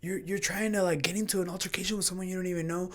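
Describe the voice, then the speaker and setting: A man talks on a podcast as a guest, casually recounting a run-in at his gym. He tells it in a lively way, slipping into the voices of the people he quotes. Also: sits high, very fast. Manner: animated storyteller who acts out quoted exchanges. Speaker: podcast guest, jiu-jitsu gym owner and coach.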